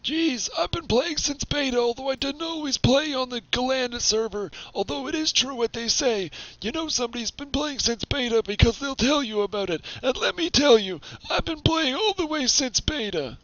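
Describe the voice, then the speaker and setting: A man's voice: very high voice, lively intonation, moderate pace, few pauses, a bit bright, dry recording, muffled recording, heavily acted. A man putting on a grumpy old robot veteran. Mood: grumbling. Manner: rambling, grumbling old-timer bragging. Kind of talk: in-character game streaming.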